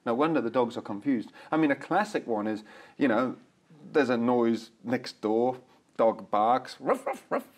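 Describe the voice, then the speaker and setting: A middle-aged man, a dog behaviour expert, talking as a guest in a casual interview. He is animated, acts out examples and laughs often. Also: medium pitch, measured pace.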